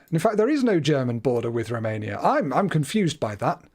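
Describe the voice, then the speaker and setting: A British man chats his way through a guessing game on a livestream, teasing himself and laughing often. His voice sits a little high for a man, and his delivery is relaxed and conversational. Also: a little fast. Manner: chatty, self-deprecating, laughs often. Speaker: streamer. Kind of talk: casual livestream game commentary.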